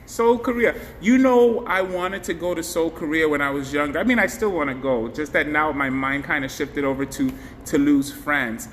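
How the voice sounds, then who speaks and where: A man's voice: on the high side, moderate pace, a bit bright. A man hosting a casual live stream, chatting effusively and thanking viewers by name. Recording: faint background noise, long hall reverb.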